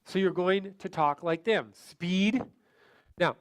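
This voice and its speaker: A man with a higher-than-usual voice runs a training seminar. His delivery is lively, and he fires questions at the room and mimics how other people talk. He comes across as an upbeat coach teaching a class. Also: normal speed. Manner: animated, quizzes the audience and acts out voices. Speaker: sales trainer.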